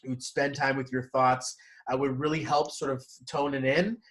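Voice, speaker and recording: A man giving a casual one-on-one numerology reading, animated and quick to laugh. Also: mid-range voice, low-quality recording. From Canada. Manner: animated, laughs often, acts out inner voices. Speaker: numerology consultant.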